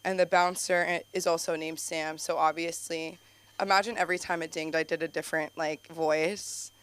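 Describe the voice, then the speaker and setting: A woman's voice: low-pitched, little pitch movement, moderate pace, a bit bright, clean tone. A young woman doing a rambling stand-up set at an open mic, chatty and giggly, with lots of "like" and restarts. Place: small comedy club stage.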